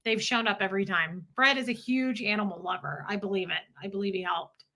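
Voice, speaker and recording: A woman co-hosting a casual livestream chat, telling a story in an animated way and acting out what people said. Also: medium pitch, a little fast. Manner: animated storyteller who acts out quotes. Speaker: livestream co-host.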